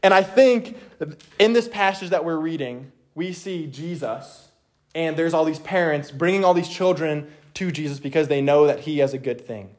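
A young man teaching a youth group from the Bible in a casual, energetic way, often checking in with his listeners. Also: fairly high pitch, moderate pace. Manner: energetic, checks in with "okay?" constantly.

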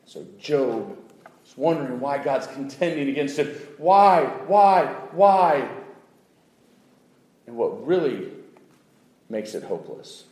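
A male pastor preaching a sermon, swinging from loud pleading to a hushed near-whisper. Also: mid-range voice, lively intonation, slow pace, pauses often. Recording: roomy echo.

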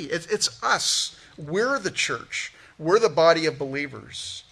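Gravelly, bright-voiced male pastor preaching. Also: on the high side, unhurried. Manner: conversational, animated preaching with asides. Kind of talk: sermon. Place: church sanctuary.

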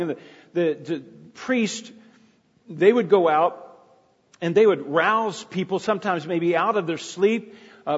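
Guy preaching, kinda husky voice, a bit high, dull recording with long hall echo. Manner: retelling in plain storytelling tone with frequent restarts. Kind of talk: sermon.

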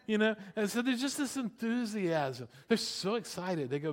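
A male pastor in middle age delivers a sermon in a high, bright-sounding voice. He talks animatedly, drifting into playful asides and rhetorical questions aimed at his listeners. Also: sing-song, moderate pace, hardly any pauses.

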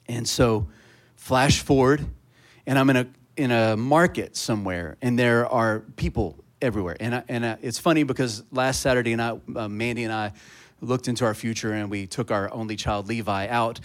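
A male pastor preaching to his congregation. He tells a personal story in a loose, chatty way, then lifts his voice into loud, fervent calls. His voice sits at an ordinary middle pitch for a man. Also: normal speed.

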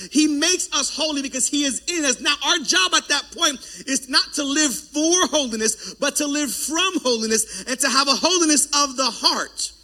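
A pastor with a very high-pitched voice preaches a sermon loudly and forcefully, breaking off for joking asides to the congregation.

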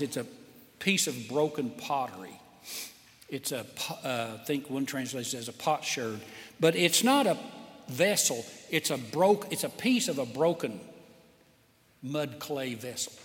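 A pastor preaching a sermon, acting out quotes in a lively, animated way with small laughs. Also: male voice, high-pitched, big-room sound.

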